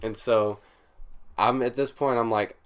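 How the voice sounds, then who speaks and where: A young man telling a story on his vlog, animated and emphatic, with lots of fillers. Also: medium pitch, a little slow. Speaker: vlogger.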